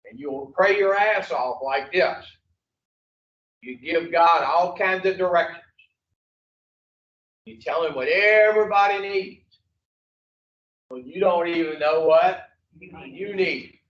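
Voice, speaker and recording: A man with a slightly high voice leads a recovery class in an unhurried, blunt, salty way, firing questions at the group. He sounds far from the mic in an echoey classroom, and the recording is dull and lo-fi. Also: fairly bright tone. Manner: blunt and profane, quizzing the class. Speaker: addiction recovery instructor. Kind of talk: classroom teaching with call-and-response.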